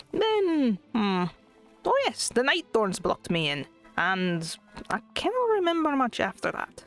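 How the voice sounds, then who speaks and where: A woman's voice: fairly high pitch, fairly bright tone. Scrooge McDuck, a stingy old Scottish duck tycoon, voiced by a woman who is reading the game text aloud. He lectures about money in a raised, pinched voice with a shaky, half-managed brogue. Faint game music plays behind him.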